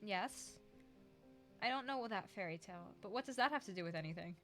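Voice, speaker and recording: A woman hosting a let's play, reading a visual novel's narration and lines aloud and chatting with a friend, animated with dry sarcastic asides. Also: mid-range voice, a little fast, soft background music. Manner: animated, laughs often, breaks into dry sarcasm.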